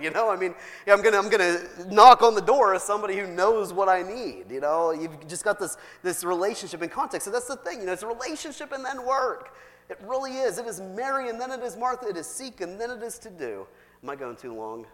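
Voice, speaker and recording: A man's voice: a little high, a bit bright. A male pastor preaching in a chatty, conversational way, often questioning the congregation and repeating his points. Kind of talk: conversational sermon. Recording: long reverb in a hall.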